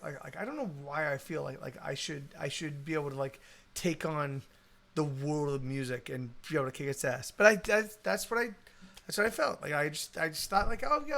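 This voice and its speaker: A man's voice: a little high, gravelly, a bit bright. A man musician chatting casually on a live stream, rambling with lots of restarts and swearing, with a Texan accent. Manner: rambling, swears a lot, many restarts and fillers.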